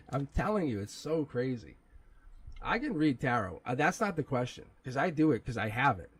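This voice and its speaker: On a rough recording with a bit of hiss or hum, a tarot reader with a mid-range voice hosts a live reading. His talk is loose and rambling, broken up by frequent chuckles and the occasional curse.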